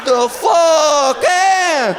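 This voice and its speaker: A woman putting on a brash, shouting Italian-American tough guy voice at the dinner table. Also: sits high, lively intonation, drawn-out words, background noise, pitched above the performer's own voice, exaggerated voice. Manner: brash, shouting, mock-mobster.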